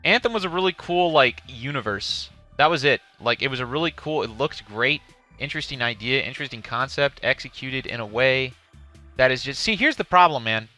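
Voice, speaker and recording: Forceful, bright-voiced man ranting live. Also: medium pitch, lively intonation, fairly quick, soft background music. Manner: ranting, profane, reads chat questions aloud. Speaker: streamer reacting to a game showcase. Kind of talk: casual live-stream commentary.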